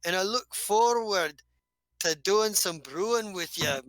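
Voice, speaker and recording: A game master doing a hearty rough dwarf mechanic. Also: medium pitch, animated, measured pace, a bit bright, dry recording, pitched above the performer's own voice, low-quality recording. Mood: friendly. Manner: hearty, folksy, calls people lass. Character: gruff male dwarf mechanic, rough-mannered, friendly. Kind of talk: tabletop game role-play.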